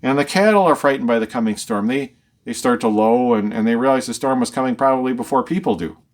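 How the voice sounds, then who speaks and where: A man's voice: mid-range voice, fast talker. A male Bible teacher who explains scripture verse by verse. He reads each verse with lifted emphasis, then explains it in a conversational tone, often repeating words as he thinks aloud.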